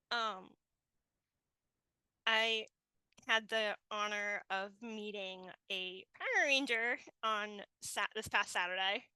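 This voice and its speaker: Woman host, bright clear voice, slow unhurried pace, gentle halting manner, dry close sound. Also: medium pitch, dry recording, rough recording. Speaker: podcast host. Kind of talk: casual group chat.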